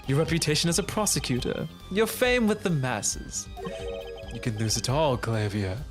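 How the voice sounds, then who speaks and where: A streamer voicing a calm, scheming male prosecutor in slow, smooth, menacing tones while playing a game. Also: medium pitch, music in the background, lightly acted. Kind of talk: fan voice acting of a game.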